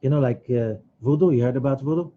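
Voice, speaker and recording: A man teaching a Kabbalah study class in an animated way, acting out quoted voices. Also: quick pace, phone-quality sound, a little hiss or hum. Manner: animated, rising to emphatic high bursts; acts out quoted voices of other people. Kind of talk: religious study lecture.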